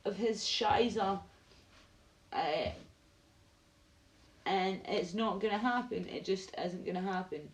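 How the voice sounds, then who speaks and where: A woman's voice: medium pitch, unhurried, poor audio. A Scottish woman live streaming, chatting bluntly and casually, swearing and reading out video titles as she goes. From Scotland.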